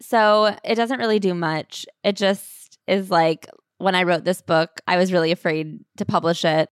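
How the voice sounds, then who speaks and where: A woman's voice: on the low side, fairly even intonation, moderate pace, clear, resonant tone, no echo. Woman cohost chatting away, playful, laughs a lot, dry close sound. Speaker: podcast co-host. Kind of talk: casual chat.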